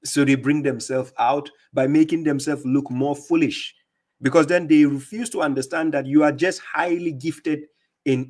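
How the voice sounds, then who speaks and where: A man's voice: medium pitch, a little mellow. A man with a non-native English accent hosting a live stream, reading viewer comments aloud and commenting emphatically, often repeating his words. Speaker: livestream host.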